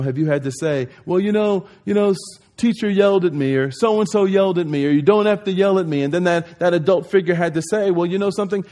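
A pastor from New Jersey preaching a conversational sermon, acting out quoted voices and rising to emphatic peaks. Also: male voice, sits high, darkish tone.

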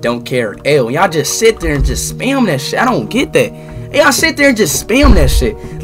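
A young man streaming live, ranting angrily at his chat with lots of swearing and sudden outbursts of shouting. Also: high-pitched, big pitch swings, normal speed, soft background music. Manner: angry profane ranting, bursts into shouting.

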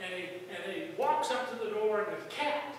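A man preaching a sermon as pastor, in a folksy storytelling way that jumps into loud outbursts. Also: high-pitched, animated, normal speed, slight background noise. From United States. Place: church sanctuary. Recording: echoey hall from far off.

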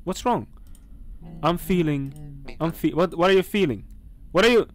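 A man's voice: on the high side, moderate pace. A young man playing a horror game and commentating, jumpy and talking back to the characters on screen. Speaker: gaming channel host. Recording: faint background noise.

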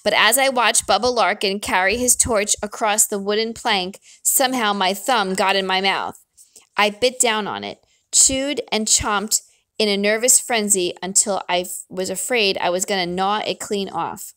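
Woman, audiobook narration, expressive, dry, mid pitch. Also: moderate pace, no echo. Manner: expressive first-person storytelling. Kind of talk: reading a novel aloud.

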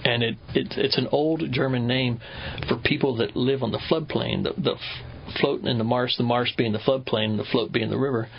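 A man's voice: mid-range voice, steady tone, vocal fry, muffled recording, a little hiss or hum. A man from Kentucky in his fifties, a river scientist guesting on a radio interview, telling stories thoughtfully with frequent restarts. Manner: thoughtful, unhurried storytelling with restarts.

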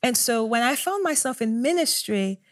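Casting: woman, 30s, pastor on a talk panel, animated storyteller, a touch high. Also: moderate pace, dry recording. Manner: animated storytelling, laughs often. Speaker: pastor and talk show guest. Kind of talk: casual panel chat.

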